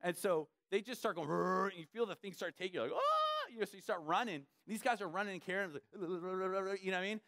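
A young man preaching a sermon in a church, telling a lively story and acting out the voices of the people in it, laughing along as he goes. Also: high voice, fast talker, few pauses, no echo. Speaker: pastor.

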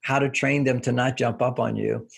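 Here a relationship author sits in as an interview guest, chuckling while he illustrates his ideas with homely anecdotes. His mid-range voice carries vocal fry and a slight roughness, with fairly even intonation and a moderate pace, and the conversation stays relaxed.

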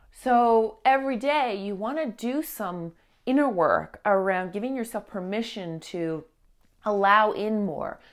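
A woman in her thirties, a business coach, giving an earnest, encouraging motivational talk to camera with emphatic repetition. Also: mid-range voice.

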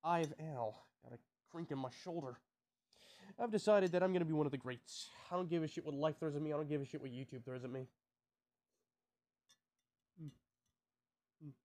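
A man's voice: on the high side, moderate pace, long pauses, a little mellow. A young man talking casually to his subscribers, rambling, tripping over his words and swearing now and then. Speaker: YouTuber.

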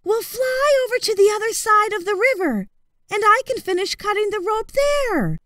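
A woman voicing a brave young boy in a storybook reading, urging and reassuring in a high voice. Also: big pitch swings, moderate pace, fairly bright tone, no room sound, full character voice. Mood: urgent. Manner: urgent, reassuring. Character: brave young boy rescuer, calm and steady.

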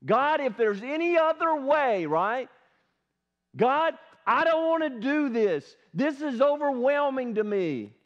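A man's voice: very high-pitched, sing-song, slow pace, pitched above the performer's own voice, heavily acted. A man preaching who voices an anguished grown man pleading in prayer, overwhelmed and strained. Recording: dull lo-fi sermon recording.

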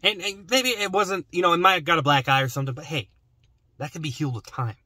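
Young guy rambling jokey vlog from his car, bright tense voice, dry close sound. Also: a little high, expressive, quick pace, dry recording. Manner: rambling, joking, mumbles asides. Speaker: vlogger. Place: parked car.

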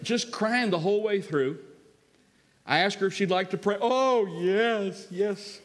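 Folksy preacher in a big hall. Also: male voice, sits high, normal speed. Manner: folksy, animated, acts out quoted voices. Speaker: guest preacher. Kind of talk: sermon with storytelling. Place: large church sanctuary. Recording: church hall with long reverb.

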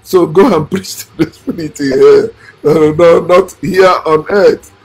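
A man delivering a blunt, lecturing monologue. He repeats his points and swings between shouting and quiet talk. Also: a little high, slow pace, husky. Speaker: channel host.

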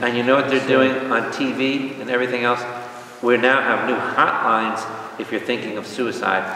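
A man's voice: mid-range voice, flat delivery, normal speed, pushed and bright. A man, a priest leading a Bible study, teaches energetically, quizzing his listeners and mixing in jokes. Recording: echoey hall from far off, faint hum.

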